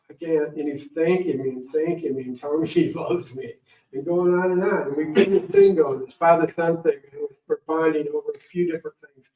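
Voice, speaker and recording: A middle-aged guest speaker with a fairly high voice tells a rambling personal story in a library event room, acting out the people in it with animation. The audio is dull and echoey, picked up by a distant mic.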